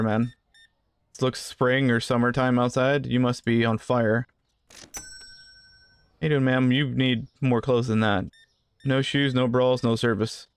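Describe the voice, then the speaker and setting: A man's voice: medium pitch, clean tone, dry recording. A man giving casual gameplay commentary, rambling through asides and joking with the customers in the game. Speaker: gaming channel host.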